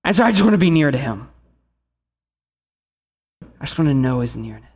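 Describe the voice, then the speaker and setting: A man's voice: medium pitch, lively intonation, moderate pace, a little mellow, a little hiss or hum. A man in his thirties, a pastor preaching an earnest sermon and telling a family story, rising at times to fervent appeals.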